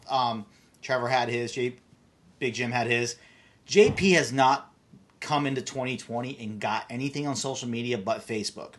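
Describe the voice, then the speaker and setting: A man's voice: mid-range voice, a bit bright. A man hosting a casual chat show, teasing and joking with his guest. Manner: teasing, jokey. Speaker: host.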